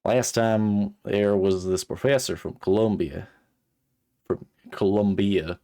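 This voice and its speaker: A man doing a bored Southern gentleman who trades gossip at a stuffy gala, with a drawl laid on thick. The voice sits low and deep, and the lines come slowly and confidingly. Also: steady tone. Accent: Southern US, put on. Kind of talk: reading game dialogue aloud in a voice.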